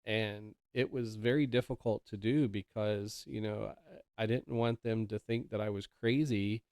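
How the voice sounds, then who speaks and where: A man's voice: on the low side, fairly even intonation, normal speed, a little mellow, smooth, dry recording, clean studio sound. A man hosting a podcast, telling a personal story in a rambling, conversational way with lots of fillers. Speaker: podcast host. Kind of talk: casual storytelling.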